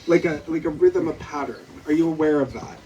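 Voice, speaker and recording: This interviewer, a comic book artist, speaks in a warm, fairly high voice at a fairly quick pace, though the highs are cut off. Reading prepared questions from his notes, he stumbles through plenty of "um"s and "uh"s while questioning an author in front of a bookstore audience, captured by a distant mic with faint noise.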